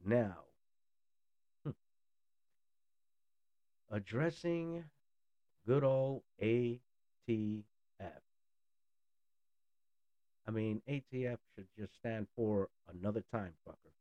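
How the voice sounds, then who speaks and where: A fairly low-pitched man delivers a blunt, sarcastic rant, swearing freely as he goes. The sound is dull and lo-fi, and the room is dry and close. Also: slow, long pauses, dark tone, no room sound. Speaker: political commentator. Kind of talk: ranting monologue.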